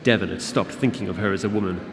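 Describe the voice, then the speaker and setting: A man with a fairly low voice reads a fantasy novel aloud in a steady, measured way. A long hall echo carries his voice, and a listening audience is clearly present in the room. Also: crowd noise. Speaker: author reading his book. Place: convention event room.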